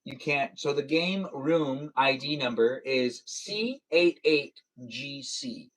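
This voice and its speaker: A man's voice: mid-range voice, slow pace, fairly bright tone. A young man live-streaming a racing game, chatting casually and playfully with viewers and slipping into silly sing-song noises.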